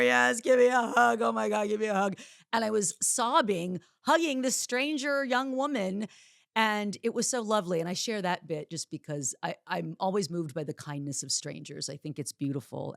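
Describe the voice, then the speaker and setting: A woman hosting a solo podcast, telling personal stories in a candid, chatty way with dark jokes. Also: low-pitched, no echo, studio quality. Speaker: podcast host. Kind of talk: solo podcast monologue, casual storytelling.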